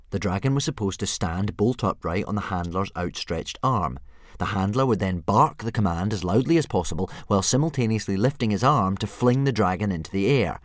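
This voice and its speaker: A man reading a children's storybook aloud in an expressive, playful way. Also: lowish voice, dry recording, studio quality. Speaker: audiobook reader. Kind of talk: storybook narration.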